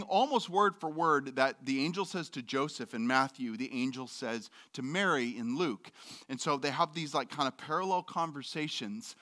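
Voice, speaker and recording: Middle-aged guy preaching, bright voice, kinda high, jokey and candid. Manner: candid, joking, acts out voices in quotes. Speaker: pastor. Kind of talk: sermon. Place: church.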